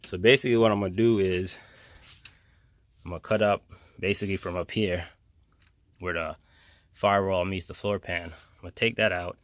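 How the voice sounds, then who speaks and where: Low-voiced man in a garage vlog. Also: fairly even intonation, moderate pace, long pauses, dry recording. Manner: informal, rambling, plainspoken. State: out of breath. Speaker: car restorer. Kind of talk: casual garage vlog walkthrough. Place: home garage workshop.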